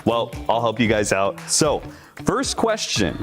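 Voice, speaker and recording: A man's voice: fairly low pitch, big pitch swings, measured pace, fairly bright tone, soft background music. A man hosting a trivia quiz with players, upbeat and encouraging. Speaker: quiz host.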